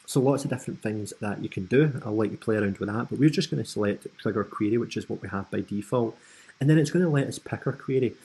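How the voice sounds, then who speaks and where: A Scottish man from Scotland hosting a screen-recorded software tutorial, explaining in a casual, friendly way with frequent ums and asides. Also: on the low side, fast, creaky, husky, poor audio. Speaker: tutorial host.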